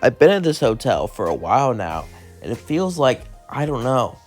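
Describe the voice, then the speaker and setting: A man reading as a skeptical young woman who doubts the newcomer and sighs over lost purpose. The voice stays close to the reader's own, low-key and tired. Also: big pitch swings, moderate pace, faint music behind. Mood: weary.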